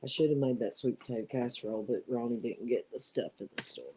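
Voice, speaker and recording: A woman's voice: a bass voice, quick pace, warm tone, a little hiss or hum, poor audio. A middle-aged woman chatting casually from home while crafting, easygoing and laughing as she talks. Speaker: live stream guest.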